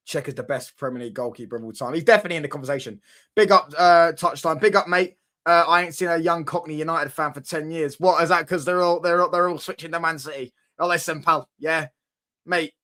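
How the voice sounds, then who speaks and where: A young man with a London accent, chatting excitedly about football with his stream viewers. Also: on the high side. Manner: excitable banter, quick bursts of emphasis. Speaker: livestream host. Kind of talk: casual football chat with viewers.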